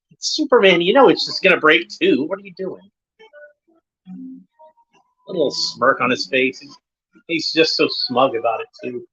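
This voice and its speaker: A man's voice: fairly high pitch, animated, a little slow, long pauses, sharp tone, husky, dull audio, faint music behind. A man hosting a livestream watchalong, making wry, joking asides at home. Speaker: host. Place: home room.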